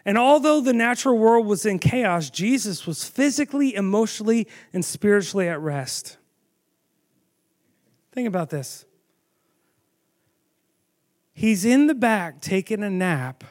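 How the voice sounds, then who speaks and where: A man preaching a sermon, telling the story with animated storytelling and asking the audience questions. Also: sits high, moderate pace.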